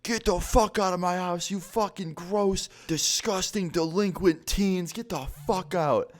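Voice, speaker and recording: Guy doing his friend's dad, middle-aged and raging, yelling way higher than his normal voice, cussing everyone out slowly. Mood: furious. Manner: screaming, cursing, threatening. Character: enraged middle-aged dad screaming at teens.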